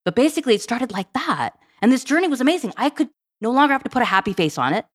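A woman guest on a podcast, telling stories in a casual, animated way and acting out bits of dialogue. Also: fairly high pitch. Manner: animated, quick, acts out dialogue. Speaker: podcast guest, tech program director. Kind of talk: casual storytelling.

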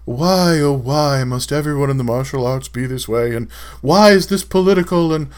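A man's voice: mid-range voice, normal speed, clean tone, lightly acted. A man putting on a whiny, questioning voice for an over-analytical online troll.

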